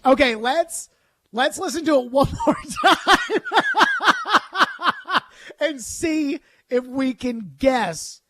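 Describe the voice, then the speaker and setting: A man's voice: very high voice, expressive, drawn-out words, a bit bright, no room sound. Male sports talk host, jokey rant, dry close studio sound. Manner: emphatic, ranting, jokey.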